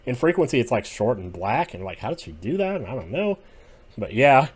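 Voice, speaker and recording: A man giving casual solo commentary as he ranks TV episodes, rambling and opinionated, drifting between quiet muttering and sudden outbursts. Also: mid-range voice, big pitch swings, normal speed, slightly rough. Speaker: video creator ranking TV episodes.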